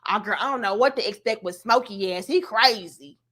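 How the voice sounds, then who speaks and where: A woman's voice: medium pitch, fairly quick, bright, forceful tone. A woman giving an opinionated commentary rant, blunt and sassy, full of slang and lecturing. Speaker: commentary vlogger.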